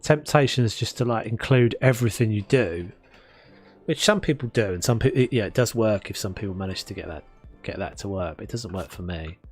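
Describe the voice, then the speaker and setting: South London bloke, slightly low voice, rambling self-mocking gameplay chatter. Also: male voice, fairly quick, faint music behind. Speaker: gaming streamer. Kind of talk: casual gameplay commentary.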